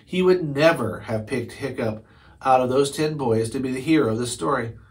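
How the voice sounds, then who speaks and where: A man reads a chapter book aloud in an ordinary middle-pitched voice. He stumbles over words here and there and goes back to correct himself as he reads. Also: normal speed, low-quality recording. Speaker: storybook reader.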